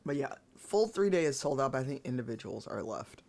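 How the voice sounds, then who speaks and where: A man streaming live, chatting casually with viewers in a rambling, laid-back way, his voice gravelly this morning. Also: medium pitch, sing-song, brisk, darkish tone. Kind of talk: casual chat.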